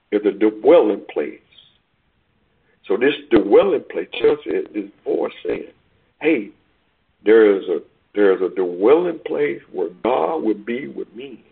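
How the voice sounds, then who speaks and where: A man preaching a sermon, reading scripture aloud and explaining it with emphatic swells and hushed asides. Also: on the low side, creaky, slightly rough. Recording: tinny phone-like line.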